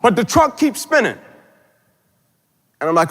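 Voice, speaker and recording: High-voiced guy giving a motivational speech, big and loud then quiet, lots of hall echo. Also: sing-song, measured pace. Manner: swings from loud emphatic peaks to hushed low tones. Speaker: motivational keynote speaker. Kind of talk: dramatic storytelling speech.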